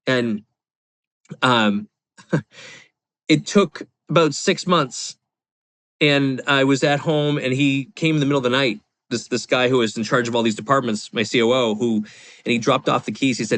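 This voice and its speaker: A man's voice: mid-range voice, unhurried, a bit bright, no echo. Guy in his 40s on a podcast, rambly and confessional, dry close sound. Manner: rambling, confessional, lots of fillers. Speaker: podcast guest, real estate investor. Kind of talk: candid storytelling interview.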